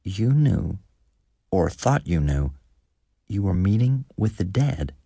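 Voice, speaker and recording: A man's voice: low-pitched, big pitch swings, slow pace, vocal fry, warm tone, husky, dry recording, studio quality, heavily acted. A man voicing a nervous, thin-voiced village deacon who asks careful, probing questions, read as an audiobook character.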